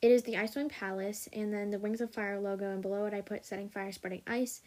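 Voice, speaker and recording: This podcast host reads their own story in a plain, middle-pitched voice. The tone stays casual and unpolished, with small slips and quick corrections along the way. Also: little pitch movement, a little mellow. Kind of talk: reading own fan fiction aloud.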